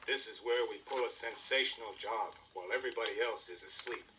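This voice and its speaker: A man voicing a scheming adult thief on a storybook record, in a gruff, plotting manner. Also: fairly low pitch, a little fast, recorded from a distance, background noise, natural voice. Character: sneering adult male museum thief.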